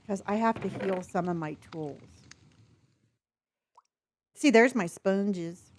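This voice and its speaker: A woman's voice: medium pitch, takes it slowly, darkish tone, a little hiss or hum. A woman from California, with a faint Southern lilt in her otherwise neutral accent, chatting casually with viewers on a live stream. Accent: slight Southern lilt mixed with neutral Californian. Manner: chatty and friendly, talks to pets and chat.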